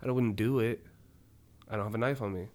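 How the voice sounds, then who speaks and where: A man co-hosting a podcast, telling a story in casual, profane, rambling chat that grows loud and heated. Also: on the low side, steady tone, a little fast. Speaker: podcast co-host.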